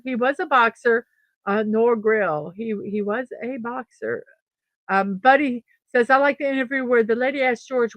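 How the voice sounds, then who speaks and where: A chatty middle-aged woman with a slightly high voice hosts a cheerful morning show, laughing easily and tripping over hard names. The sound is dry and close, with little room around her. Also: fairly bright tone, dry recording. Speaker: host of a daily morning show. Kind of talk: casual chat reading birthdays and memes.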